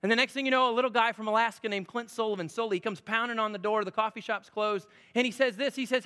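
A high-voiced, bright man in his forties preaches in a conversational, animated way, building to loud emphatic peaks. His voice rings out in a large church hall with a long reverb. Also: normal speed. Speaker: pastor. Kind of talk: sermon. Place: church sanctuary.

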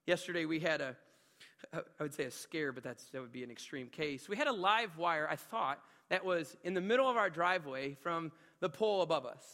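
A male pastor with a high, bright, cutting voice delivers a passionate sermon in a church sanctuary. He talks conversationally, tossing in quick asides, then drops low and quiet before building to loud, ringing emphasis. His voice carries a long reverb from the big hall. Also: lively intonation. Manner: passionate preaching that swings from hushed asides to loud emphatic peaks; conversational, with frequent filler asides.

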